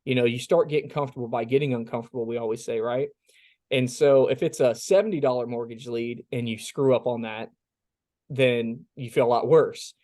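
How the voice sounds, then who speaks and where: Chatty sales coach, dry close sound. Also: male voice, mid-range voice, a little fast, dark tone, dry recording. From South Carolina. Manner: chatty, folksy, acts out his phone lines. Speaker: insurance sales team leader. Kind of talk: casual sales coaching on a team call.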